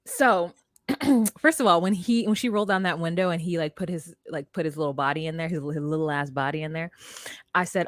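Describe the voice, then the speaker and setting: A young woman co-hosting a casual recap chat, animated, acting out quotes in exaggerated voices. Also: lowish voice, a little fast, no echo, studio quality. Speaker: podcast co-host.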